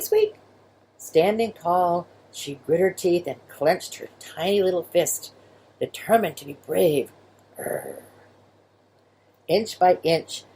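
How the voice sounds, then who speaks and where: A woman reading a children's storybook aloud in a gentle, expressive way, doing sound effects for the story. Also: on the low side, slight background noise.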